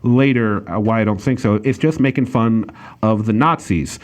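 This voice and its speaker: A man's voice: on the low side, moderate pace. A man hosting a casual podcast, reviewing a movie in a rambling way with lots of fillers and restarts. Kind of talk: casual chat.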